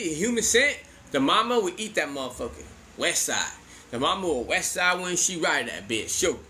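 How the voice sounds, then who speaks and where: A man's voice: high-pitched, pushed and bright. A man in his forties telling a funny childhood story in casual, profane slang, laughing often as he goes.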